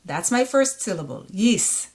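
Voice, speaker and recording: A woman with an Israeli accent teaching a reading lesson, sounding out syllables slowly and repeating each word. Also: medium pitch, big pitch swings. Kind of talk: slow, patient reading lesson.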